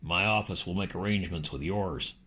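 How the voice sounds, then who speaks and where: A woman reading an audiobook, voicing a gruff, blunt older male ex-politician on the phone. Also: very deep voice, brisk, fairly bright tone, voice pushed down. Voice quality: gruff, gravelly. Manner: blunt, curt.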